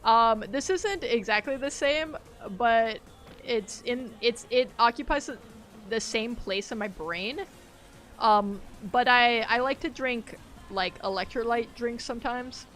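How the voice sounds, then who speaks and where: Her voice is on the high side and a bit bright, and she talks a little slowly over faint background music. Gaming on a live stream, she chats casually, wanders from topic to topic, laughs often, and reacts aloud to the game.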